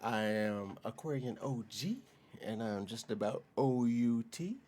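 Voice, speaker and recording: A man's voice: mid-range voice, a little slow. Laid-back American man reacting to a video. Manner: relaxed, chatty, laughs often, slangy. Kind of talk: casual reaction commentary.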